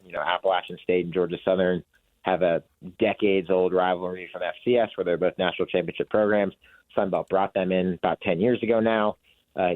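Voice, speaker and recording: Male guest analyst on a phone line, very low voice, thoughtful and measured, dry sound. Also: dry recording. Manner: thoughtful, measured, with many fillers. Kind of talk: casual chat.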